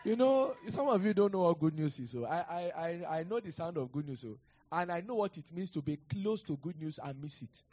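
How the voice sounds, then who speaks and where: A male pastor preaching a sermon, animated and acting out conversations, rising to loud declarations. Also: a little high, brisk, muffled recording. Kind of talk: sermon with prophecy and storytelling.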